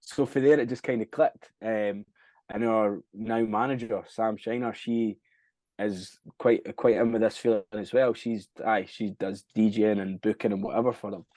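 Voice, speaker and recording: A young Scottish man with a low, mellow voice tells his story in a loose, rambling way. He swears freely and keeps losing track of dates. The sound is dry and close. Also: steady tone, normal speed, no echo. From Scotland. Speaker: band frontman, podcast guest. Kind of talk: casual interview chat.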